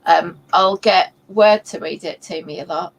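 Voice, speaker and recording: A woman's voice: fairly low pitch, measured pace, creaky, poor audio. A woman co-hosting a writing livestream, rambling and explaining step by step with many ums. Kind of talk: casual livestream chat.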